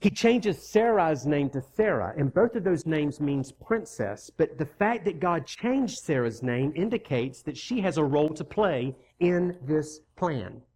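Preacher doing a sermon, punchy repeats, chatty asides to the crowd, reads the verses out loud. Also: medium pitch, expressive, measured pace, few pauses. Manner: emphatic, repeats key words for effect; reads scripture aloud and acts out the characters' lines.

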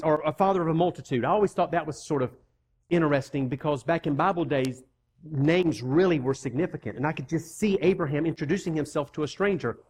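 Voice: medium pitch, darkish tone. Emphatic preacher reading scripture. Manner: emphatic, repeats key words for effect; reads scripture aloud and acts out the characters' lines. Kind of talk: sermon.

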